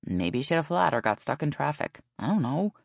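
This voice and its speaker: A woman voicing a competitive adult softball player who answers with dry quips. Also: low voice, very animated, fairly quick, gravelly, no room sound, full character voice.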